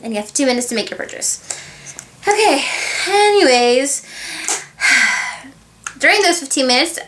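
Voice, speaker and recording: A woman's voice: fairly high pitch, sharp tone, slight background noise. A woman talking casually in a beauty haul video, rambling and chatty with many asides. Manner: rambling, chatty, full of filler words and asides. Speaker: beauty vlogger. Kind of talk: casual haul review chat.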